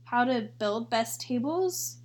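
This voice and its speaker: A woman's voice: fairly high pitch, expressive, takes it slowly, breathy edge. A young woman co-hosting a podcast, chatting casually and joking with a giggly manner. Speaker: podcast co-host. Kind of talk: casual chat.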